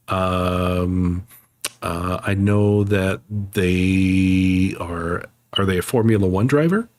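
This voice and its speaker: A man's voice: lowish voice, no echo. A man chatting casually on a live game stream, thanking viewers and laughing easily.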